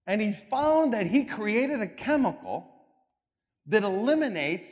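A man's voice: high-pitched, very animated, measured pace, a little mellow. A man giving a motivational talk with slides, telling a story animatedly and acting out voices. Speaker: speaker. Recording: long reverb in a hall.

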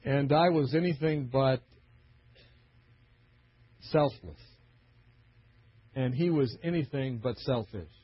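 A man's voice: mid-range voice, takes it slowly, pauses often, slightly rough, no room sound. A middle-aged man preaching a storytelling sermon, acting out the voices of the people in his stories. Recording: dull lo-fi recording.

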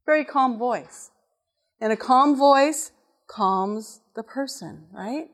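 Woman preacher, slightly high voice, lively storyteller who acts out the dialogue. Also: slow pace. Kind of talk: sermon with personal story.

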